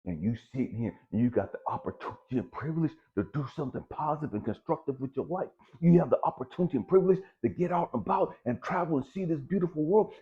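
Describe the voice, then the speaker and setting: A middle-aged man giving a blunt, profane motivational exhortation, hammering his points with repetition. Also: on the high side. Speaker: motivational speaker. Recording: dull lo-fi recording.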